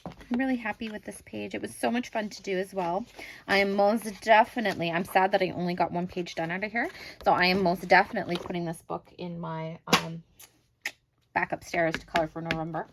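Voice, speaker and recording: A woman's voice: fairly low pitch, steady tone, fairly quick, vocal fry, fairly bright tone, a little hiss or hum, poor audio. A woman, likely in her thirties, casually chatting at home about her finished coloring pages, self-critical and full of fillers. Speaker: crafting channel host.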